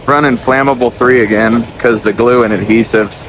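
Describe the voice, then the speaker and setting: A man's voice: mid-range voice, steady tone, moderate pace, background noise. A man talking casually to the camera as a trucking vlogger while walking his dog outdoors at a truck stop, rambling and correcting himself as he goes. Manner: rambling, easygoing, self-correcting. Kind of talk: casual vlog talk.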